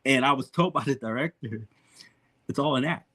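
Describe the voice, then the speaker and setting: A man hosting a podcast, telling a story in a casual, animated way, laughing often and swearing freely. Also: mid-range voice, moderate pace. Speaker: podcast host.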